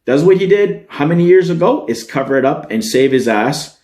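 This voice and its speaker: A man hosting a podcast, giving a casual spoiler-filled movie recap, excitable and swearing freely as he talks straight to his viewers. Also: on the high side, brisk. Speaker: podcast host. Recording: roomy echo.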